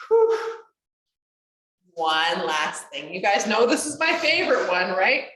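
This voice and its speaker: A woman's voice: mid-range voice, sing-song, slow pace, long pauses, fairly bright tone, slight background noise. Chatty woman leading a chair yoga class. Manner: encouraging, chatty, laughs often. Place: community class room. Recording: echoey room, voice from far off mic.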